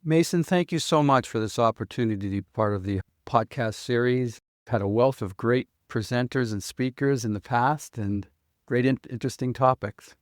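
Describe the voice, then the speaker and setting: A man's voice: medium pitch, no room sound, clean studio sound. Earnest Canadian man, interview guest. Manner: earnest, measured, appreciative. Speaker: guest, economic developer. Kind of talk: conversational interview.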